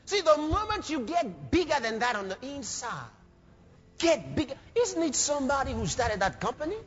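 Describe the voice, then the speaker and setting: High-voiced man preaching with shouts. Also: normal speed. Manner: animated, preaching with sudden shouts and laughter. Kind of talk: sermon. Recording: dull lo-fi sermon recording with faint music.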